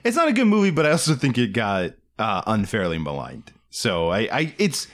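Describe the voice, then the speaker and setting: A man's voice: on the low side, huge pitch swings, brisk, a bit bright. A man co-hosting a podcast in casual movie-review chat, rambling and hedging as he corrects himself mid-thought. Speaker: podcast co-host.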